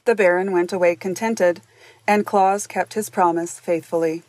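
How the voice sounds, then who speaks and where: A woman narrating a classic storybook in a gentle storyteller's manner, speaking directly to the listener. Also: lowish voice, fairly even intonation, moderate pace, dry recording. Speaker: audiobook narrator.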